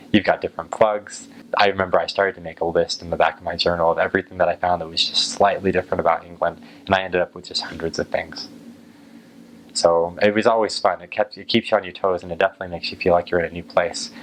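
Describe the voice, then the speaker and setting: American man, low voice, monotone, casual unhurried vlog talk, lots of ums. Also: a little hiss or hum, rough recording. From United States. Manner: unhurried, musing, with frequent ums. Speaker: vlogger.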